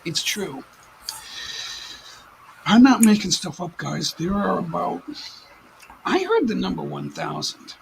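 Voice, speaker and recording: Gravelly American man rambling on a livestream. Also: high voice, big pitch swings, slight background noise, low-quality recording. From United States. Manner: rambling, halting with many fillers and restarts. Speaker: livestream host. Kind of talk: casual livestream chat. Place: home livestream setup. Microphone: desk mic at some distance.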